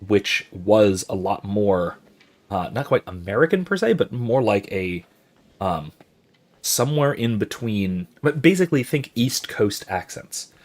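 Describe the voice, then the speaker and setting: A man's voice: lowish voice, big pitch swings, measured pace, a little mellow. A man hosting a gaming channel, giving casual, professorial explanations while he plays, rambling with many fillers and restarts and reacting to viewer chat.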